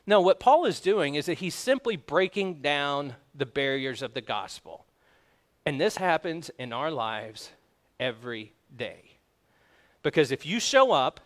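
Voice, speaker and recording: A man preaching a sermon as pastor, in a conversational way with quick asides to the congregation. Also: fairly high pitch, fairly bright tone.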